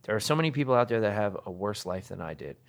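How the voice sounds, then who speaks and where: Man in his thirties, low voice, earnest, confessional podcast guest. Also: lively intonation. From New Jersey, USA. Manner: earnest, confessional, speaks slowly with pauses. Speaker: guitarist guest. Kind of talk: candid podcast interview.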